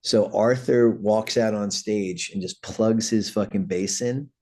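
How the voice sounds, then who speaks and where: Deep-voiced man telling a rowdy story. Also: unhurried. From New York City. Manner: animated anecdotes, acts out quoted voices, swears freely. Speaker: guest, punk band vocalist. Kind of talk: casual storytelling.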